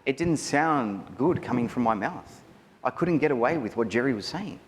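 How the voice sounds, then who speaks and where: An Australian man giving a wedding photography seminar, chatty and animated, often asking the audience questions. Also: mid-range voice, normal speed, a little hiss or hum. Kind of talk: live seminar talk to an audience. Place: large hall. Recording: reverberant hall with faint ambience.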